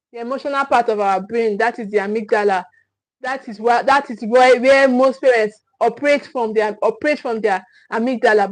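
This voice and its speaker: A woman's voice: fairly high pitch, low-quality recording. A woman with a Nigerian accent giving a live-stream talk as a parenting coach, repeating key points with emphasis. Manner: repetitive, emphatic, thanks viewers often.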